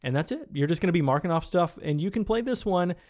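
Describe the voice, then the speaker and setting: A man co-hosting a casual board game podcast, explaining rules in a relaxed, plain way. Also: on the high side, quick pace. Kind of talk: casual chat. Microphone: studio microphone.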